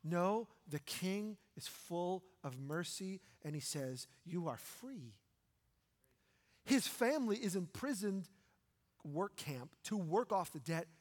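High-voiced man preaching a sermon. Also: slow pace. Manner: animated, acts out the parable's voices. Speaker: pastor. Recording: long hall reverb.

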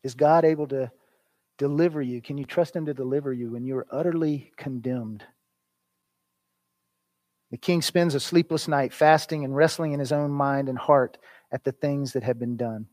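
A man preaching a sermon in an earnest way, swinging between loud emphasis and hushed, quiet lines. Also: mid-range voice, fairly even intonation, normal speed, no room sound. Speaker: pastor.

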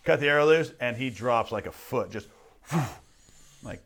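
A man's voice: medium pitch, moderate pace. A man hosting a podcast, telling a hunting story in casual chat and acting out what he said at the time. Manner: animated storyteller, acts out his own lines. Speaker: podcast host.

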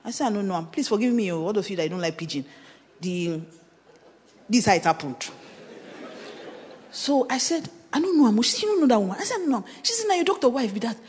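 In a reverberant conference hall, a Nigerian-accented woman pastor animatedly shares her personal testimony in a sermon, mixing laughter, bits of pidgin, and shouted bursts. Her medium-pitched voice has lively intonation and a brisk pace broken by long pauses.

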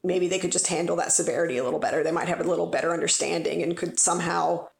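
Gravelly-voiced chatty woman in a roomy space. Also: lowish voice, steady tone, racing. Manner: chatty, rambling, lots of fillers. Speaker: funeral director. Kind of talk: casual podcast conversation. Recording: roomy echo.

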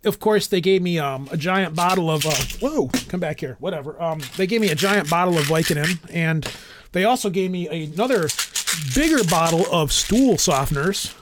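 A man's voice: high-pitched, normal speed, noisy background. A middle-aged man telling a story in casual chat, acting out the voices of the people in it. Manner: animated, acts out quotes in a raised voice.

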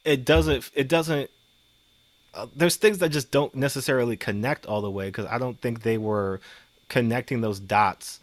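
A man chatting casually as a podcast panelist, animated, acting out quotes in shifting voices, swearing freely. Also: medium pitch, normal speed, dry recording. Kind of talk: casual chat.

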